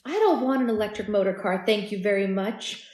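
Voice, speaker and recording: A woman's voice: medium pitch, expressive, brisk, darkish tone, reverberant, close to an everyday voice. A woman voicing a wistful, hesitant grown woman who stumbles over her words. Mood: petulant. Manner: hesitant, self-conscious. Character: wistful grown woman, hurt by sister's leaving.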